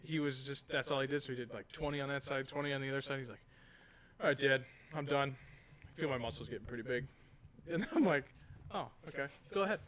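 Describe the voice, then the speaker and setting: A man's voice: medium pitch, quick pace. A man in his thirties, a podcast co-host, telling a casual story and acting out what people said. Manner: animated storyteller acting out quotes. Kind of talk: casual chat.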